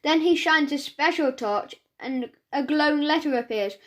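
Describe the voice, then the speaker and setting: A woman reads a children's audiobook aloud, speaking as a schoolboy in a chatty, first-person way. Her voice sits high and bright. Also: a little slow, few pauses. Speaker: audiobook narrator.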